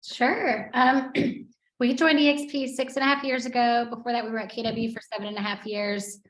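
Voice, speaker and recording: A woman's voice: fairly high pitch, fairly even intonation, moderate pace, roomy sound. A woman who leads a real estate team tells her story as a guest on a video call, chatty and upbeat.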